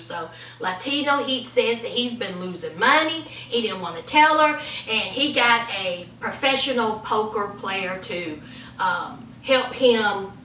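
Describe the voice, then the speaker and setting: A woman giving sassy, slangy commentary on reality TV with animated laughing asides. Her voice is high and bright. The recording is roomy, with the mic set back from her. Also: distant mic. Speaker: reality TV recap vlogger.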